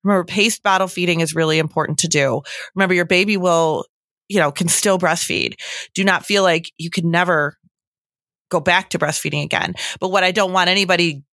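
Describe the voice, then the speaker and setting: A young adult woman talks through infant feeding in an earnest, chatty way, breaking into little quoted asides. Her voice sits a touch low and the sound is close and dry, with no room around it. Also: steady tone, brisk, a bit bright, no room sound. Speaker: breastfeeding expert guest. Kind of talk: casual advice chat.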